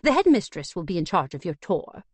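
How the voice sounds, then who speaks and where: A woman's voice: lowish voice, big pitch swings, fairly quick, husky, no room sound. A woman voicing a stuffy, posh male butler who speaks in a formal, refined way. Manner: formal, clipped and proper.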